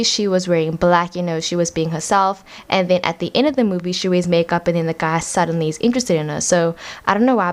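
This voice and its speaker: Young adult female tarot reader, casual and rambling, slightly low voice, reading at home. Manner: chatty, rambling with many "like" fillers. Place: home room.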